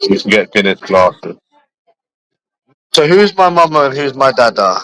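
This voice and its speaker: A man's voice: mid-range voice, very animated, measured pace, a bit bright, no room sound, rough recording. A young man, chatting casually with friends in repetitive, laughing, slangy banter. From London. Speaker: streamer.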